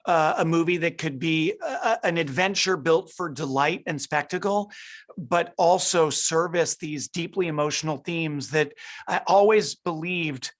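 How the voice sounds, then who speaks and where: A man's voice: a little high, measured pace. Eager middle-aged man, a director interviewed. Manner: eager, restarts and repeats words as he thinks. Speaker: film director. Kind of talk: interview over a video call.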